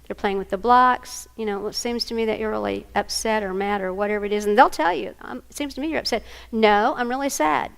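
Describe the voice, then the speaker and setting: A woman's voice: mid-range voice, a little fast, vocal fry, hardly any pauses, smooth. An older woman with a Southern American accent giving a workshop talk, telling family stories and acting out the voices in them. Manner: animated, acts out voices in her stories. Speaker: workshop speaker. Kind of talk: storytelling lecture.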